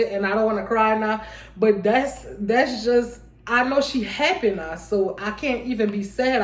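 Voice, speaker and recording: A young woman speaks at a medium pitch, rambling and restarting her sentences as she chats with her viewers. Her voice carries noticeable room echo. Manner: rambling, restarts often, addresses viewers as y'all. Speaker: vlogger. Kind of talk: casual heartfelt vlog talk.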